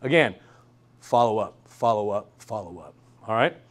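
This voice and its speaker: A young man giving an energetic workshop lecture in a classroom, repeating key points and checking in with the room. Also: on the low side, moderate pace. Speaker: guest lecturer. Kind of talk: university workshop talk.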